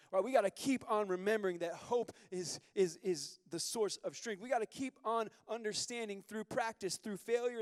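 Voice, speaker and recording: A man preaching a sermon as pastor, candid and conversational, moving from quiet confession to loud bursts. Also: high-pitched, dry recording, studio quality, in a large hall.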